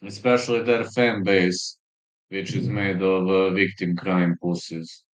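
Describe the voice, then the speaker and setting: A man hosting a casual live stream, reading viewer comments and answering them bluntly, with frequent profanity and filler pauses. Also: low voice, little pitch movement. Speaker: livestream host.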